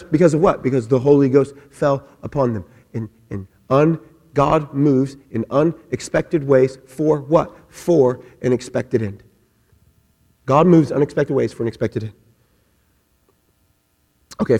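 A man preaching a sermon in a church. He is animated, cracks joking asides and often restarts his words. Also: mid-range voice, unhurried. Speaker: pastor. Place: church sanctuary. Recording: long hall reverb.

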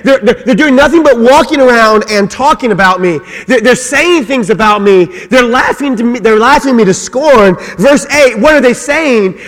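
A man's voice: sits high, big-room sound. A man preaching a sermon as pastor, earnest and repeating words as he builds his points. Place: church.

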